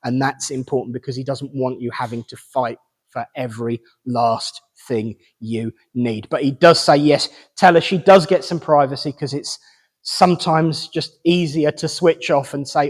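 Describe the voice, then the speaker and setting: A man's voice: medium pitch, moderate pace, husky. Man medium in a reverberant hall. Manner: chatty, hesitant, relaying messages with fillers and restarts. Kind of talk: mediumship reading at a service.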